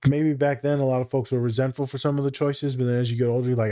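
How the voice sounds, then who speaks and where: A man in casual conversation who speaks like a working therapist reflecting aloud. His delivery is blunt and profane. The humor stays dry and understated, and his pitch sits in an ordinary middle range. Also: flat delivery, fast, dark tone. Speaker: therapist and teacher. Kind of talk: casual podcast chat.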